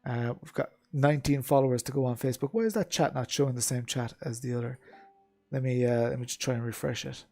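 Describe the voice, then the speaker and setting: A man hosts his own sim racing livestream in an easygoing, rambling way, often pausing on um and uh. His voice sits at an ordinary middle pitch for a man. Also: darkish tone, soft background music. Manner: chatty, rambling, lots of ums and uhs. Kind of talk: casual livestream chat while gaming.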